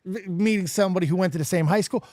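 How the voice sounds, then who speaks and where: A man in his forties from Las Vegas hosting a podcast, telling stories in a profane, animated way. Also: sits high, rapid-fire, no room sound, clean studio sound. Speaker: podcast host. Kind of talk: casual chat.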